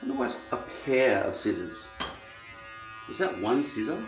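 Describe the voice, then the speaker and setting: With a mid-range voice and big pitch swings, an Australian man rambles wryly to camera at a normal pace as he trims his hair for a casual vlog. Faint music plays in the echoey room, and an electric trimmer buzzes in the background.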